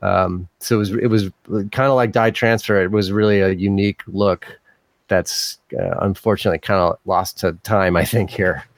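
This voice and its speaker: A man's voice: sits low, steady tone, normal speed, no echo. A man hosting a podcast, talking in an easygoing, hesitant way with many fillers. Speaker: podcast host. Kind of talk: casual chat.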